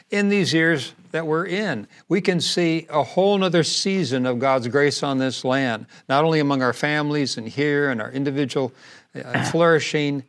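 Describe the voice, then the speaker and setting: A man in a faith conversation who speaks earnestly and affirms his partner. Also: fairly high pitch. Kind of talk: preaching conversation.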